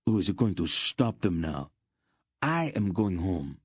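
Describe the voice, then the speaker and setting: A man's voice: deep voice, big pitch swings, measured pace, husky, no echo, studio quality, heavily acted. A man voicing a frightened male merchant who means to hide and flee. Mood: fearful.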